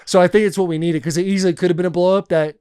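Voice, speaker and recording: A man co-hosting a podcast, telling a story in an animated, profane way with frequent laughs. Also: high voice, racing, clean tone, dry recording, clean studio sound. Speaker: podcast co-host. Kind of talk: casual storytelling chat.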